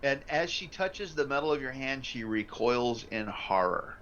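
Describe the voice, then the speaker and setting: A game master narrating a tabletop horror game with steady scene-setting, on a slightly muffled line. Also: medium pitch, normal speed, slight background noise.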